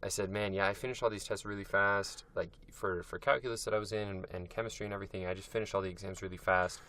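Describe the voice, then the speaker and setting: A young man co-hosting a podcast in casual chat, steering the episode and talking in halting bits with restarts. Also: sits low, fairly even intonation, pushed and bright. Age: young adult. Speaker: podcast co-host.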